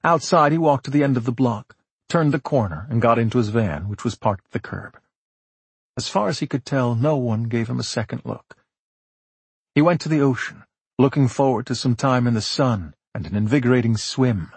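A man narrating an audiobook in a measured, steady storytelling manner. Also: mid-range voice, slightly rough, no room sound.

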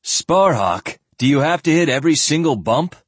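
A man's voice: a little high, animated, moderate pace, husky, no echo, voice pushed up. A man voicing a vain, grumbling young noble knight who complains and protests. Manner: complaining, peevish.

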